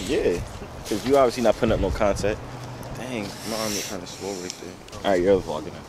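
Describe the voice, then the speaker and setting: A man's voice: on the low side, fast talker. A young man vlogging at the beach, joking and teasing his friends in casual chat. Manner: teasing, playful, laughs a lot. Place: outdoors at a beach. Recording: outdoor phone recording with noise.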